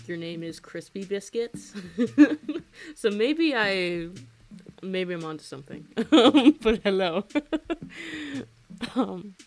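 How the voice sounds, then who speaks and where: A woman in her twenties, chatting casually and rambling with many fillers and frequent giggles while she draws on a stream. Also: lowish voice. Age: 20s. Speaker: streaming artist. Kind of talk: casual chat while drawing.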